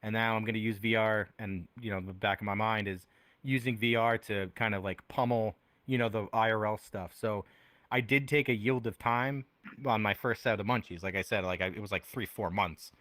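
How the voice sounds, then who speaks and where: A young man, a musician and podcast guest, chatting casually and telling animated stories, voicing other people in quotes. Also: moderate pace, no room sound. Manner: animated storyteller, acts out quotes with big pitch jumps. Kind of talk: casual chat. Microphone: headphones on.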